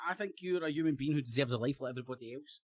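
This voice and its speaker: A man's voice: mid-range voice, racing. A Scottish man on a live-stream panel, rambling and self-correcting as he talks. He swears, laughs often and trips over his words in casual debate.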